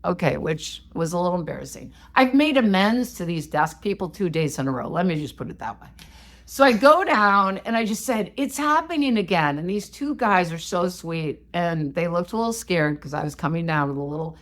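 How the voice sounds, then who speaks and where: A woman co-hosting a podcast, telling a story in a casual, animated, self-mocking way. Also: lowish voice, a little fast. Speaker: podcast co-host.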